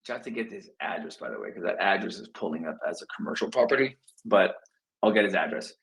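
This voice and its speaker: Animated man coaching real estate students. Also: fairly low pitch, rough recording. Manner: animated, acts out phone calls in quick asides. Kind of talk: casual teaching talk to students.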